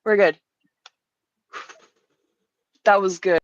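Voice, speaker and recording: A woman's voice: medium pitch, steady tone, extremely slow, dry recording, highs cut off. A woman streaming casual chat while drawing, flustered and rambling, laughing easily.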